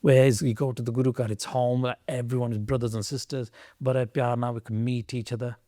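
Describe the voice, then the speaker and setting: Guy on a podcast telling history all fired up and preachy, mid-pitched voice, dry close sound. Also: little pitch movement, brisk, no echo. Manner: earnest, preachy, swings between loud emphasis and quiet asides. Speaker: podcast storyteller. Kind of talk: impassioned historical storytelling in a podcast chat.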